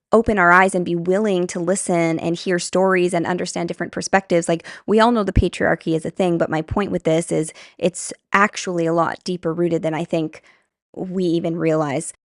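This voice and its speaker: Earnest low-voiced woman vlogging. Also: no echo, studio quality. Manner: conversational, earnest, with frequent fillers and laughs. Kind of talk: candid commentary to camera.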